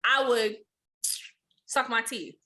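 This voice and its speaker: A woman hosting a podcast in casual chat, telling stories in an animated, slangy way and laughing often. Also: on the high side, takes it slowly. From Haitian family. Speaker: podcast host.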